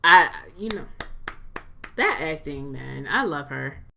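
A woman's voice: sits low, lively intonation, slow, gravelly, bright, forceful tone, slight background noise. A woman in a casual podcast chat, chatty and frank, laughing often. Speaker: podcast co-host.

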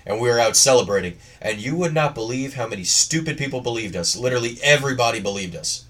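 A man's voice: mid-range voice, lively intonation, fast, fairly bright tone, far from the mic. A young man in casual chat, bantering loosely and swearing as he tells a story. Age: young adult.

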